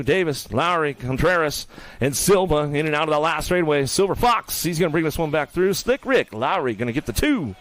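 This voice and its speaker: Fast-talking male BMX race announcer. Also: fairly high pitch, expressive, a bit bright, dry recording. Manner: rapid-fire play-by-play, jokey nicknames and teasing riders. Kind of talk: live BMX race commentary. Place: outdoor BMX race track.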